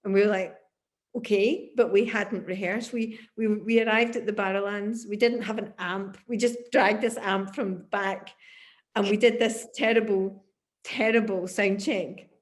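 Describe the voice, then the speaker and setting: A Scottish woman in her fifties, a musician looking back on her life in an oral history interview, telling lively stories and laughing often. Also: medium pitch, normal speed. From Glasgow, Scotland. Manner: animated storyteller, laughs often.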